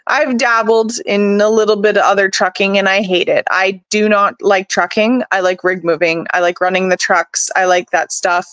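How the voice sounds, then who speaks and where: A woman's voice: mid-range voice, steady tone, normal speed, hardly any pauses, fairly bright tone, dry recording. A woman in her thirties, an oilfield rig mover, speaking frankly and with determination as a podcast guest. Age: 30s. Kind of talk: casual interview chat.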